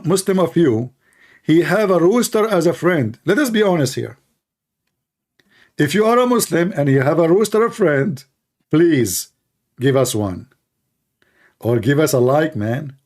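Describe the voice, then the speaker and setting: Man, debate host, sarcastic commentary, incredulous, lively pitch. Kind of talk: mocking religious commentary.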